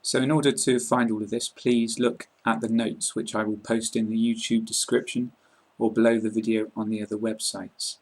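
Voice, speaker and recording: A British man with a husky edge to his voice, teaching an online English lesson. He speaks in a flat, even tone and explains things calmly and clearly. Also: on the low side, moderate pace, poor audio.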